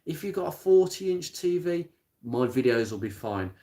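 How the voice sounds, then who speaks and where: A man chatting casually on a live stream about car parts, plain-spoken and rambling, with many pauses and restarts. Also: a little high, sing-song, warm tone. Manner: rattles off blunt practical advice. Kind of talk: casual live-stream chat answering viewer comments. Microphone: smartphone.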